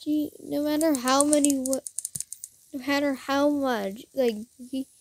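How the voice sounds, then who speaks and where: High-voiced young gamer, talks slow, rambly play-by-play, faint hiss behind. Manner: excitable, breaks into shrieking bursts of disbelief; rambling, restarts sentences often. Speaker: gamer narrating his own play. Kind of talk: let's-play commentary.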